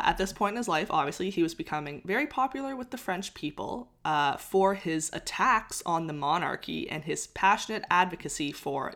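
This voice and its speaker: Chatty young woman, lower voice. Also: fairly bright tone. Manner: chatty, laughs often, trails off and restarts. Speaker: podcast co-host telling a history story. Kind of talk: casual chat.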